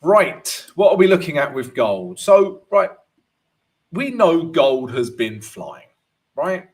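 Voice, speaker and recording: A man's voice: a little high, big pitch swings, takes it slowly. A man hosts a live chart-analysis stream in an easygoing, chatty way. His voice rises and falls a lot while he talks, and he takes his time. He keeps checking in with "right?" and greets viewers by name. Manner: peppers talk with "right?" and "you know". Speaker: forex trading analyst and host.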